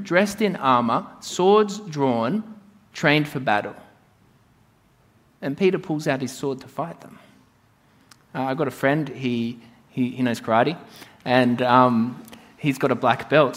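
A man's voice: mid-range voice, a bit bright. A man preaching a sermon in church, conversational and storytelling, with frequent restarts. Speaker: pastor.

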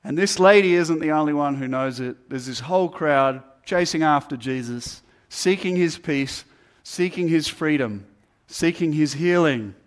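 A man delivers a sermon in a slightly higher-than-usual voice. He speaks earnestly and stacks repeated phrases to build emphasis. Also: a little slow. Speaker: pastor.

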